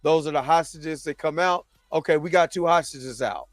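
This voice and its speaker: Man, high voice, AAVE, animated casual recap host, dry close sound, faint music behind. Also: moderate pace, dry recording. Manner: animated, acts out characters' lines in his own voice. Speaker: show host.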